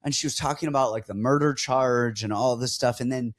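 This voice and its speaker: A man's voice: mid-range voice, brisk. A man co-hosting a casual podcast, breaking down fights and joking around in a rambling way. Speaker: podcast co-host.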